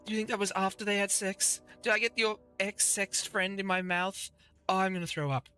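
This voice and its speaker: Man as a high, whiny, squeamish young bard godling, sassy and dramatic, for an actual-play game. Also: steady tone, a little fast, bright, forceful tone, clean tone, soft background music. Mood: disgusted.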